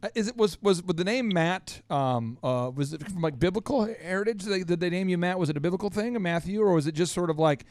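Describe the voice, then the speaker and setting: A man's voice: high voice, fast, hardly any pauses, darkish tone, no echo. A man hosting a business podcast, teasing his guest in playful, exuberant banter. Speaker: podcast host. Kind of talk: lively radio show banter.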